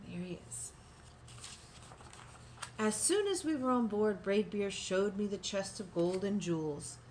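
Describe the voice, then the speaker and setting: A woman with a mid-pitched voice reads a children's picture book aloud, pausing for gentle explaining asides aimed at young listeners. Faint noise sits under the recording. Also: expressive. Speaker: storybook reader.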